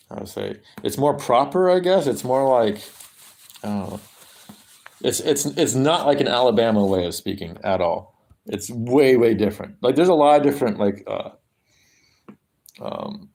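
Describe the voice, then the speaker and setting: A man, rambling casually to his livestream audience, halting and restarting often and swearing a lot. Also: on the low side, vocal fry, darkish tone. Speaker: livestream host. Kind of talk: rambling casual stream chat.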